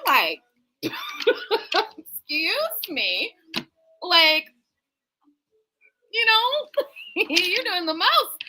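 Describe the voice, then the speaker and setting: A woman doing a casual live-stream tarot reading, chatty and animated with laughing asides. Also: high voice, a little hiss or hum. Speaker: tarot reader. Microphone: streaming setup mic.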